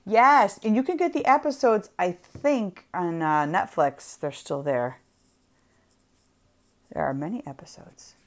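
A woman hosting a casual craft livestream, playful and giggly as she chats while stamping. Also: on the low side. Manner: playful, giggly, drawn-out delivery.

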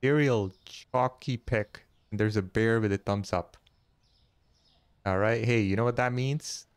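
Gaming host, male, slow easy delivery, clean dry close sound, chatty and easily startled. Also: lowish voice, smooth, dry recording. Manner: chatty, thinks aloud, counts money out loud. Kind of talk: casual let's-play commentary.

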